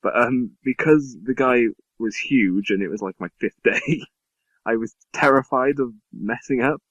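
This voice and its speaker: A man's voice: mid-range voice, unhurried, a bit bright, no echo. A young man telling a rambling, self-mocking story in a casual podcast chat with friends. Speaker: podcast co-host. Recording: dull lo-fi mic.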